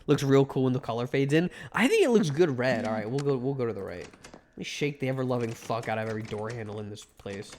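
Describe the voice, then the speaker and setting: A man's voice: medium pitch, expressive, quick pace, darkish tone. A man streaming a video game live, giving casual commentary, joking and swearing as he talks back to the game.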